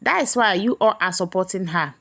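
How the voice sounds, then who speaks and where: A woman's voice: medium pitch, expressive, a little fast, gravelly. A woman voicing a furious middle-aged mother who roars her accusations. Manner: shouting, accusing.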